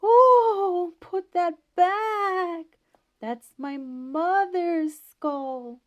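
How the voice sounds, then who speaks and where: A woman's voice: very high voice, lo-fi sound, pitched above the performer's own voice, heavily acted. Woman doing a wailing grumpy old ghost. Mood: moaning. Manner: wailing, hollering, drawn-out moans. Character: grumpy old male ghost locked in a tomb.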